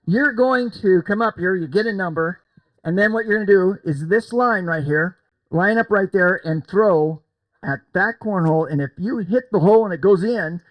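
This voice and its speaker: A man's voice: high voice, moderate pace, dry recording, muffled recording. An older man emceeing a cornhole game at an event, joking and coaxing people along with lots of repetition. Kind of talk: lively crowd banter.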